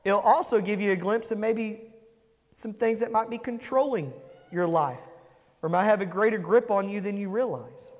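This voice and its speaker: Pastor guy, high voice, talky sermon w lots of questions to the crowd, long echo. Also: normal speed. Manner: conversational, asks the congregation questions, acts out quotes.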